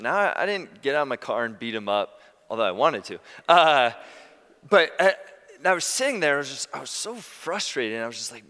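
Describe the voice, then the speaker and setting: A man preaching a sermon as pastor, telling stories in a conversational, animated way. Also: mid-range voice, brisk, long reverb tail.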